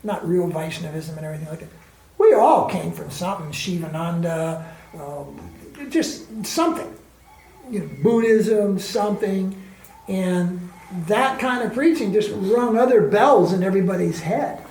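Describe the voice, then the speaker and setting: A man's voice: high voice, unhurried, a little mellow. A man being interviewed as a spiritual teacher, telling stories in a candid, colloquial way and firing off emphatic rhetorical questions. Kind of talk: candid conversational storytelling. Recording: roomy echo.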